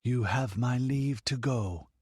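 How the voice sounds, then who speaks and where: A man's voice: mid-range voice, slow pace, husky, no echo, studio quality. A man voicing a young woman who poses as a goddess, speaking in a cold, detached, impersonal way. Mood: imperious.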